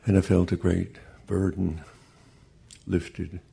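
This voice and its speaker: In a gravelly, husky voice with a warm tone, a bereaved father offers personal testimony. His delivery is flat, slow and measured, and deeply earnest throughout.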